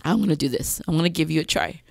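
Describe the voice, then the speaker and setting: A woman telling her life story as a podcast guest, speaking candidly and pausing often with "um.". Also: sits low, creaky, no echo. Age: adult mother with several children. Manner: candid, frequent "um" pauses, acts out her past self. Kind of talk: personal testimony in a podcast interview.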